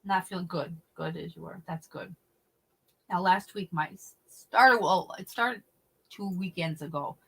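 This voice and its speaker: A middle-aged woman hosting a casual livestream, chatting with viewers and telling stories in an animated, blunt way with some swearing. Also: fairly low pitch, unhurried, creaky, breathy edge, rough recording. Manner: chatty, reads and answers viewer comments. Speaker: livestream host.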